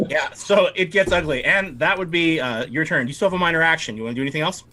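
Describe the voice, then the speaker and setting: A man narrating as game master of a tabletop game, telling the scene in a lively, animated way. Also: fairly high pitch, fast.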